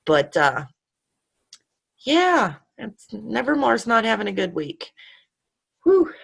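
A woman's voice: on the high side, big pitch swings, slow pace, creaky, fairly bright tone, husky. A woman hosting a casual online chat, rambling and profane and laughing often. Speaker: host. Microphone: online call.

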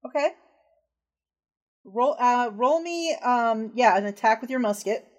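A woman's voice: a little high, animated, a little slow, a little mellow. A woman narrating as game master of a tabletop horror game, casual and descriptive, with frequent fillers.

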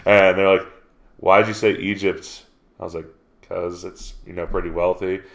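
Low male podcast co-host, lively anecdote teller. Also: normal speed, vocal fry. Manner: animated retelling with quoted dialogue. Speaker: geography teacher. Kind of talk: casual storytelling chat. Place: South Carolina.

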